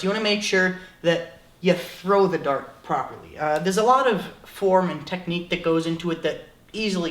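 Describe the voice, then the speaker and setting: Teen guy doing a goofy how-to, kinda high voice, rambly with lots of uh's, echoey room. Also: fairly bright tone. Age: late teens. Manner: rambling, self-mocking, full of filler. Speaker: vlogger. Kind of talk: comedic tutorial.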